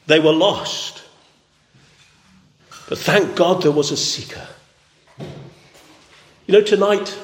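A man preaching a sermon with an emphatic, repetitive cadence. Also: high-pitched. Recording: echoey hall.

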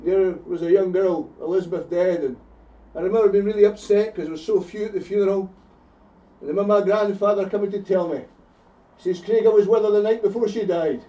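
A man's voice: sits high, fairly even intonation, quick pace, warm tone, lo-fi sound. A man with a Scottish accent preaching an evangelistic sermon, fervent and given to repeating his phrases for emphasis. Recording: echoey hall, heard from a distance.

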